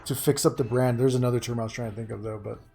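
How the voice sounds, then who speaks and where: A man's voice: medium pitch, fairly even intonation, very fast, gravelly, warm tone. Chatty man hosting a game stream. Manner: chatty, greets chat by name, searches for words. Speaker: streamer host. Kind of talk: casual stream chat while gaming. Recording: faint game music behind.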